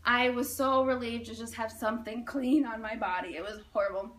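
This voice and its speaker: A young woman in her twenties telling a personal story in an animated, dramatic way, using "like" often. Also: a little high, fairly quick. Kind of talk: casual personal anecdote.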